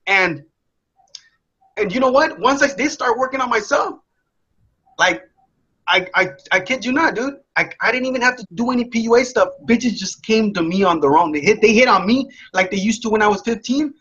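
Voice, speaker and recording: A young man telling a candid personal story in a blunt, profane, animated way. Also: high-pitched, a little fast, husky. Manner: profane, blunt, animated, acts out his past self. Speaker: motivational speaker. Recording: dull lo-fi sound.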